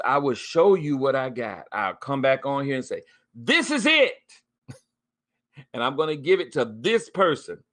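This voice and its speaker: A man hosting a live spiritual talk, speaking casually and preaching about fear, with scripture quotes and soft laughs. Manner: pitch swings up and down a lot on emphasis. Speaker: host of a spiritual talk stream. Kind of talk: casual spoken encouragement. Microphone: webcam or phone mic, live stream.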